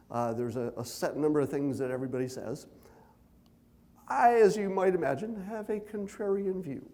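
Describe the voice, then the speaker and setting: A man delivering a keynote speech in a loose, conversational way, full of asides and dry self-deprecating humor. He deliberately holds his voice a little higher than usual, and the tone stays mellow and soft-edged. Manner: deliberately speaks at a raised pitch; loose, unhurried delivery with many fillers and asides. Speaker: keynote speaker.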